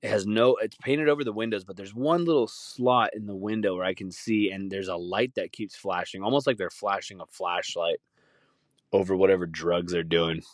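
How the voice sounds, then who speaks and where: A man's voice: low-pitched, steady tone, normal speed, no room sound, clean studio sound. A man hosting a podcast, rambling in a casual solo rant full of swearing and laughter. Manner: rambling, profane, laughing often. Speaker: podcast host.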